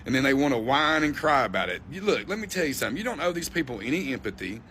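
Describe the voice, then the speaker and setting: A man hosting a reaction video, swearing and scoffing as he rants about the news. His voice is bright and forceful, with a faint hiss of noise underneath. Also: mid-range voice, very animated, fast. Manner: profane, scornful, ranting. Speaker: political commentary host. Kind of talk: reaction commentary.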